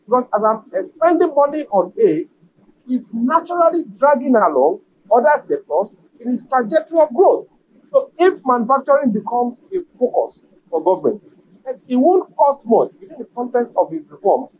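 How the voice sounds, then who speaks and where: A man with a notably high voice sets out his case in a measured, emphatic way, leaning on repeated phrases. The broadcast audio sounds muffled and lo-fi, with a faint hiss underneath. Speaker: business association leader. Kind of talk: policy interview answer.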